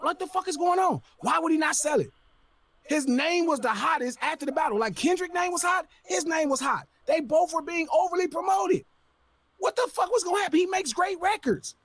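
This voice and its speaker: A man's voice: very high-pitched, creaky, fairly bright tone. A man on a podcast, ranting with profanity and exasperation. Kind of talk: heated podcast rant.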